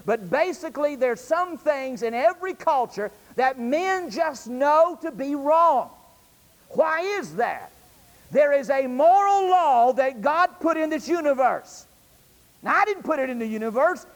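A man preaching a sermon to his congregation, firing rhetorical questions at them. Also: very high-pitched. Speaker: pastor. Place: church sanctuary. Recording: reverberant church hall.

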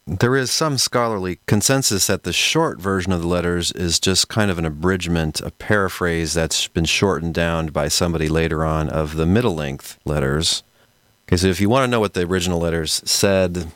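Deep-voiced scholarly man, dry podcast sound. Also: no echo. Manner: measured, scholarly, conversational. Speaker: podcast host. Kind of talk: explanatory lecture-style podcast talk.

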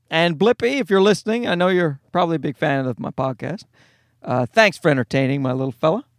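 A man's voice: high voice, fairly bright tone, no room sound, clean studio sound. A middle-aged man hosting a solo podcast from a parked car, rambling and swearing with self-mocking humor. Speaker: podcast host.

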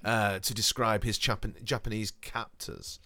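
A man's voice: fairly low pitch, flat delivery, moderate pace, pushed and bright, dry recording. A man in casual chat, rambling nostalgically and swearing now and then.

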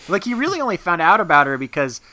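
A man co-hosting a casual movie review chat, joking and acting out characters in quick asides. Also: high voice. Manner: animated, jokey, acts out characters in quick asides.

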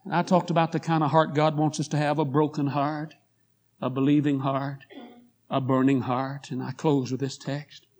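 A male preacher delivers a storytelling sermon in a somewhat high voice. He leans hard into key lines and lets verses stretch out slow and loud. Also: little pitch movement. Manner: emphatic, swelling louder on key phrases and stretching scripture slowly.

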